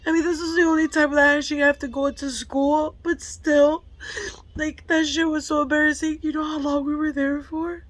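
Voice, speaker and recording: A woman's voice: sits high, flat delivery, brisk, no echo. A mother telling a frank personal storytime, emotional and full of swearing, tearful at times. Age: adult parent of a school-age child. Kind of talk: candid storytime vlog.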